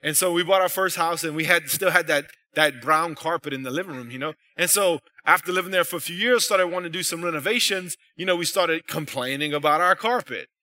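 Man, pastor, conversational sermon, high pitched, very bright tone. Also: a little fast, hardly any pauses. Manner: conversational preaching with frequent "you know" and "right?".

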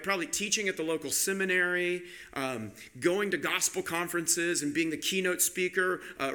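A man preaching a sermon with emphatic delivery, slowing down and speeding up to stress his points. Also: high voice, pushed and bright. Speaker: pastor.

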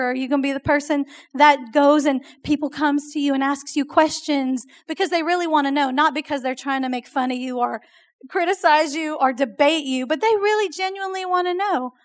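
A woman preaching a sermon to a youth group, telling stories in a chatty, animated way. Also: sits high. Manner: animated storytelling, chatty with "like" and "oh my gosh".

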